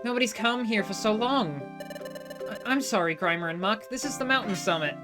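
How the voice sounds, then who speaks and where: An earnest, polite mountain shaman speaks in a measured, gently pleading voice, as a woman reads the part. The pitch sits in a middle range. Faint game music plays underneath. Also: expressive, close to an everyday voice.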